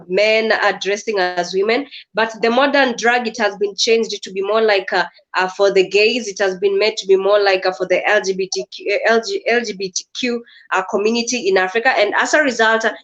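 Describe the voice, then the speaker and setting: A woman's voice: medium pitch, steady tone, brisk, few pauses, fairly bright tone. A woman from Kenya, a guest speaking hesitantly with many fillers over a video call. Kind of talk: casual discussion. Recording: dull lo-fi call audio.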